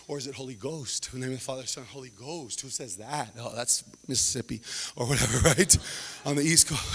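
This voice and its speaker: A man performing stand-up comedy, animated, acting out quoted voices and swinging from loud to hushed. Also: sits high, in a large hall.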